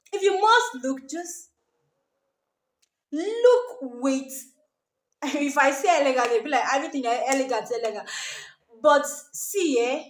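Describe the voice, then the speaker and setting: A Nigerian woman with a high voice that leaps all over as she lectures with emphasis. She keeps repeating her point and tacking "okay?" onto her advice. The room gives her voice a noticeable echo. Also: a bit bright. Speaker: vlogger giving advice. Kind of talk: casual advice talk to camera.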